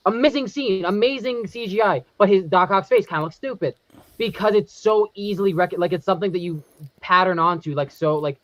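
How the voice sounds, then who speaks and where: A man's voice: sits high, brisk, fairly bright tone, no room sound. A man co-hosting a casual podcast chat, explaining his thoughts through rambling restarts. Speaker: podcast co-host. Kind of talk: casual horror movie chat. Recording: dry, dull lo-fi mic.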